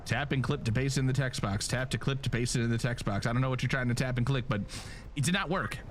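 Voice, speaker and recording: A man's voice: medium pitch, fast, soft background music. A man streaming a game live, chatting casually and jokingly straight to his viewers. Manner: animated, joking, talks straight to chat.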